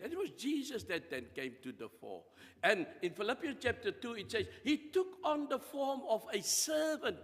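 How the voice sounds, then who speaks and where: A man preaching a sermon in a church, animated and emphatic, with dramatic rises and drops in his voice. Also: high voice, in a large hall.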